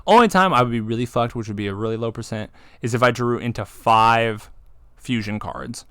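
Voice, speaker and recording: A man co-hosting a podcast, talking excitedly about card games, swearing and acting out game moments. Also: mid-range voice, brisk, clear, resonant tone, no echo, clean studio sound. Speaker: podcast co-host. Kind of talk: casual chat.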